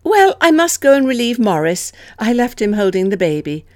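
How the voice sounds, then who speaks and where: A woman voicing a lively, teasing young woman in an audiobook, speaking brightly and playfully. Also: fairly high pitch, normal speed, no room sound, studio quality, voice pushed up.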